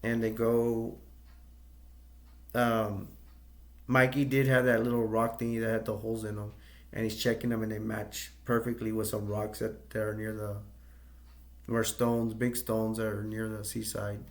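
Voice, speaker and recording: A man's voice: on the low side, completely flat delivery, unhurried. A man casually recapping a movie's plot, rambling and hesitant, with many fillers and self-corrections. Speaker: movie reviewer.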